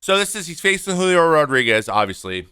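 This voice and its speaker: A man in his thirties giving animated, opinionated casual commentary over game footage, acting out what the players say. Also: on the high side, a little fast, a little hiss or hum. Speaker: podcast host and former pitcher.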